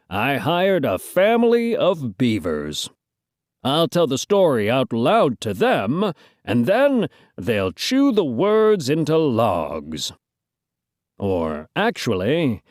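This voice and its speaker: A woman's voice: rumbling low, darkish tone, no room sound, clean studio sound. A woman reading a children's storybook aloud, playful, with joking asides to listeners.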